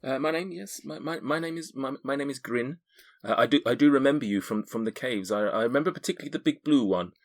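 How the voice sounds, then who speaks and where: A man's voice: medium pitch, fast talker, pitched above the performer's own voice, lightly acted. A man voicing a timid young male tiefling in a tabletop game who stammers nervously.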